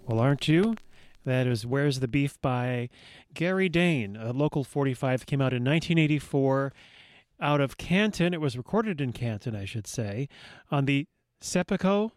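A man's voice: mid-range voice, no echo. A man hosting a radio show from a studio, introducing records with wry, dry asides.

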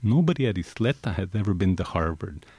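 A man's voice: low voice, lively intonation, fairly quick, darkish tone, breathy edge, no echo, exaggerated voice. A man reading aloud as an earnest young male student reassuring his grandmother. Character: eager young male student leaving home.

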